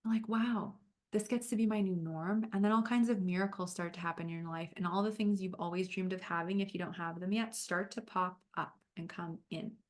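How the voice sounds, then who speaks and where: A woman health coach talking warmly to her viewers on a livestream, moving from a program pitch into a guided visualization. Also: steady tone, a little fast, hardly any pauses. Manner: upbeat and encouraging.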